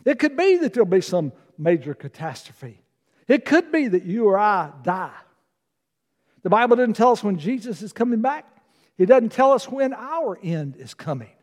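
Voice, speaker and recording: A man preaching a sermon as a guest preacher, emphatic, swinging between loud declarations and soft asides. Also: high voice, big pitch swings, moderate pace, big-room sound. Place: church sanctuary.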